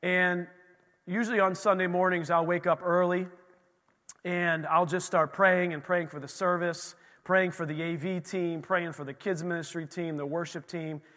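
A man in his thirties preaching a sermon in a church, telling stories with animated asides and acting out the voices of the people in them. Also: high-pitched, moderate pace. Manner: animated, acts out quoted voices, folksy asides. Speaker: pastor. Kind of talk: energetic sermon storytelling. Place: church sanctuary. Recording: reverberant hall.

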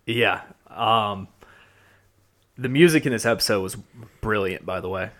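A man's voice: lowish voice, unhurried, a bit bright. A young man from Georgia with a South Georgia accent, co-hosting a podcast and eagerly recapping scenes in casual chat. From Georgia, USA. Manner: enthusiastic, recaps scenes with quotes. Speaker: podcast co-host.

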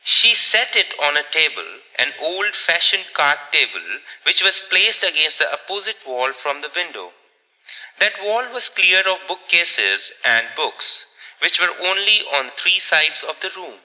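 A man narrating an old story aloud in a measured, expressive way. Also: fairly high pitch, big-room sound, low-quality recording. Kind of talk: audiobook narration.

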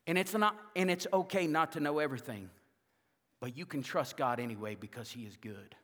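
A male pastor preaching a sermon in a church, rousing the congregation, then dropping to a hushed, intimate tone. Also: medium pitch, big-room sound. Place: church sanctuary.

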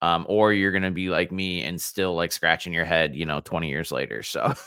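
A man co-hosting a casual podcast chat, talking in halting bursts with repeated words and casual swearing. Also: low voice, steady tone, sharp tone, smooth. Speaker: podcast co-host.

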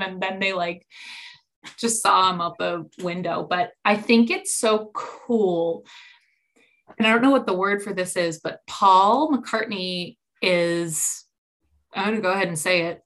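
Animated young woman with a bright voice. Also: a little slow. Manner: animated storyteller, acts out quotes with big jumps in pitch. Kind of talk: casual chat.

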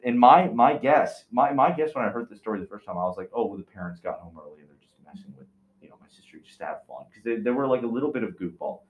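A man on a podcast telling a spooky story in a casual, excitable way, with lots of fillers and restarts. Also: medium pitch, fast, muffled recording. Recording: roomy echo.

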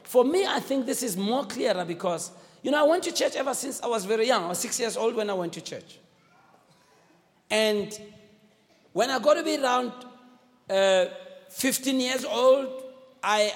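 In a church hall with a long echo, a man delivers a sermon, exhorting his congregation and calling for their replies in call-and-response. His high voice swoops, rising and falling widely.

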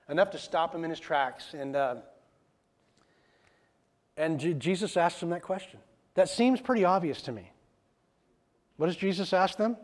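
Lively, high-voiced preacher man. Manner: animated, plain-spoken, drops into casual asides and acted quotes. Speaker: pastor. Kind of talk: conversational sermon.

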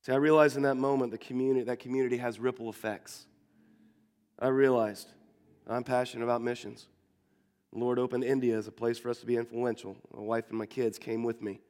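A man's voice: medium pitch, darkish tone, long reverb tail. A man preaching a sermon to his congregation as their pastor, earnest and repeating words as he builds his points. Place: church sanctuary.

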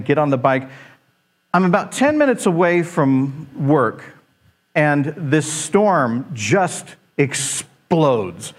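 Man in his forties, slightly higher voice, loose joking sermon style, rambles and restarts often. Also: slow pace. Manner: rambling, self-deprecating, animated with frequent restarts. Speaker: preacher. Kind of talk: sermon with humorous storytelling.

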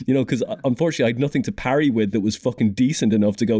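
Brief: male podcast host, fast and animated, warm dark tone. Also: mid-range voice, no room sound, studio quality. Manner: sweary, animated storytelling. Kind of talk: casual chat.

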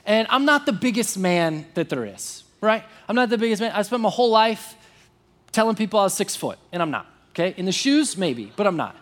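A man preaching a sermon, telling a personal story in an animated, self-deprecating way, full of quick restarts. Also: sits high. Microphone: online service broadcast.

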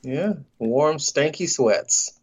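A man's voice: on the high side, lively intonation, very slow, husky. A man co-hosting a podcast in casual banter, wisecracking, swearing and laughing often. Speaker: podcast co-host.

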